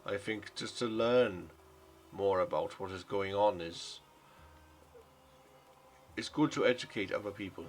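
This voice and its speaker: A man voicing a gentle, weary townsman who speaks in an earnest, halting way. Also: fairly low pitch, a little hiss or hum, close to an everyday voice. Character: gentle foreign male townsman, weary but hopeful.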